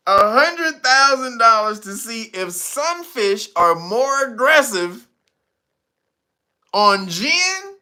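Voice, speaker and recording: A man's voice: very high voice, sing-song, very slow, pauses often, pushed and bright. A man hosting his own channel, giving mocking comedic commentary, laughing often and swearing freely. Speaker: channel host.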